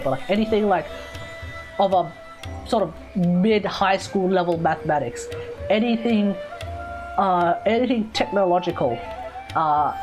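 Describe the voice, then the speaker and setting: A woman's voice: lowish voice, a little mellow. An Australian woman streaming games, chatting casually and rambling, often correcting herself. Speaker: gaming streamer. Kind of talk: casual live stream chat. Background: background music.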